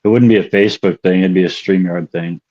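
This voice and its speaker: A man's voice: deep voice, fairly even intonation, fast, a little mellow. A man co-hosting a podcast, trading dry, laughing banter in casual chat. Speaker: podcast co-host. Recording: dull lo-fi online call audio.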